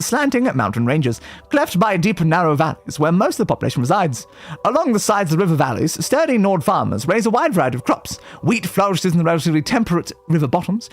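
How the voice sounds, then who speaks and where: A man reading game lore aloud on a livestream, breaking off for playful asides, stumbling over words and laughing at his own mistakes. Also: sits high. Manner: reads aloud with playful asides and self-corrections.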